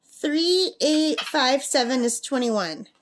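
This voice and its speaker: Chatty middle-aged woman vlogging at a campsite, slightly high voice, faint background noise. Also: animated, slow. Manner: chatty, reads out number codes, coos at her parrot. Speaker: craft vlogger. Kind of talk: casual chat while crafting.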